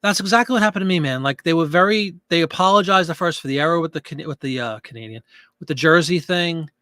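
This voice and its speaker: A chatty man hosting a live stream, his speaking voice sitting a little higher than most men's. He reads out viewer comments and answers them in a loose, conversational way. The sound is close and dry, with no room echo. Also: fast, bright, forceful tone, clean tone. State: out of breath. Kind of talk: casual live chat with viewers.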